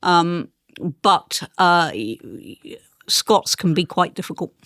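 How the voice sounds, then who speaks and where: In this clean studio recording with no echo, an older woman who once worked in politics talks as an interview guest, her English received pronunciation marked by rolled R's. She sounds precise and emphatic, with a lowish, expressive, fairly bright voice and a slow pace. It's a conversational interview.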